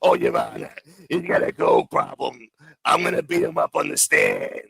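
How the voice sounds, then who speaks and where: A gravelly, raspy wiseguy growl, as a man puts it on, pushing hard and bright while his pitch swings wildly. The talk is mocking and grumbly, like a hoarse gangster telling his side of the story. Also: huge pitch swings, moderate pace, heavily acted. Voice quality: gravelly, husky. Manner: mocking imitation. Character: gravelly-voiced male mobster impression, grumbling.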